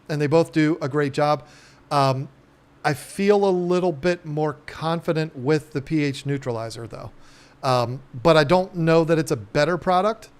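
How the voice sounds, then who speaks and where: A middle-aged man hosting a casual live stream, rambling and joking with many ums and restarts. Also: fairly high pitch. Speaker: live stream host, aquarium shop owner.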